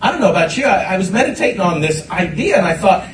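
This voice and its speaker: A pastor gives a lively sermon in an echoey church sanctuary, his slightly high voice repeating phrases and rising into bursts of shouting. He talks fast with hardly any pauses, sounding far from the microphone amid faint room noise.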